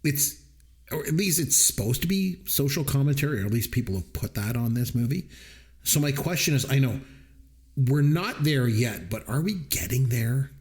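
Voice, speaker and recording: A man's voice: mid-range voice, moderate pace. A middle-aged man co-hosting a podcast, chatting casually about a movie and acting out quotes in different voices. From Canada. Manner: animated storytelling, quotes people in voices. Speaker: podcast co-host. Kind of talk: casual movie-review chat.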